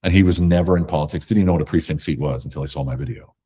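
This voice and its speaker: A man guest in a conversational interview, talking emphatically and telling animated stories. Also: extremely low pitch, rapid-fire, husky. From America. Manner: emphatic, animated storytelling with acted quotes.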